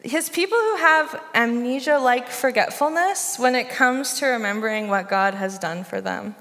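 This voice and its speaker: A woman's voice: fairly high pitch, moderate pace, a bit bright. Young woman preaching in a reverberant hall. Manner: conversational, with rhetorical questions to listeners. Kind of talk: sermon. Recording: long reverb of a large hall.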